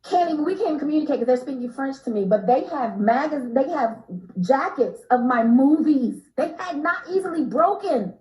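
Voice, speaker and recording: An American woman telling an animated story as an interview guest, emphatic and quick to laugh, her pitch swinging from low to high. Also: echoey room, low-quality recording. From United States.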